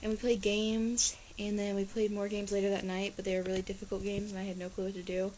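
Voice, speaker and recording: Teen girl, rambling casual vlog chat, lots of "like", mid-pitched voice. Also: flat delivery, fast talker, background noise. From Ohio, USA. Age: teens. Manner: rambling, chatty, full of "like" and restarts. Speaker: exchange student vlogger.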